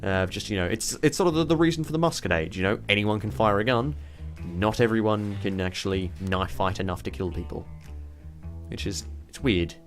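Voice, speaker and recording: A man's voice: on the low side, fairly quick, soft background music. A man giving let's play commentary, thinking aloud in a rambling way and swearing casually. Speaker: gamer playing a police management game.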